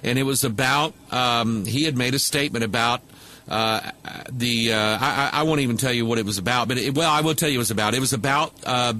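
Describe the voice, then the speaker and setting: A man's voice: medium pitch, fairly quick, bright, forceful tone, a little hiss or hum. A man preaching to a camera microphone, talking loosely with many fillers and restarts. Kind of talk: casual video commentary.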